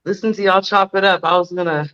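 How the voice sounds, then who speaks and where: A woman hosting a talk show, relaxed and colloquial as she announces a break. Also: lowish voice, quick pace, smooth, lo-fi sound. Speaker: host. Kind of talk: casual chat.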